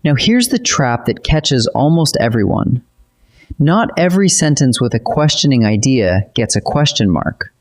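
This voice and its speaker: A man narrates a scripted grammar lesson with a steady, clear delivery. His voice sits in an ordinary middle pitch. He explains each point patiently, like a teacher walking a class through examples. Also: unhurried.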